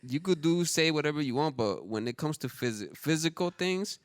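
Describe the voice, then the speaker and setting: A man's voice: on the high side, expressive, no echo. A man hosting a podcast in casual chat, reacting briefly and adding reflective thoughts. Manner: laid-back, reflective, quick reactions. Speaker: podcast host.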